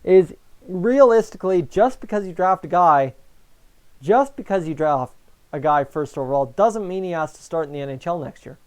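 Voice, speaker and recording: A man's voice: high-pitched, animated, normal speed. A man hosting a casual live stream, chatting away and answering viewer comments as he goes. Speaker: fan streamer and host.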